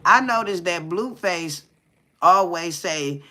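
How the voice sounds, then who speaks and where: Guy ranting on a livestream, kinda high bright voice, keeps going "you hear me". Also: animated, slow. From Detroit. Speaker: content creator. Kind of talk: casual livestream commentary.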